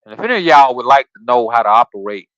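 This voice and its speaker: A fast-talking man with a mid-range, fairly bright, expressive voice hosts a livestreamed Bible study podcast on a streaming setup, with no echo and the highs cut off. He reads scripture aloud and riffs on it in a casual, preachy way, quizzing listeners and slipping in slangy asides between readings.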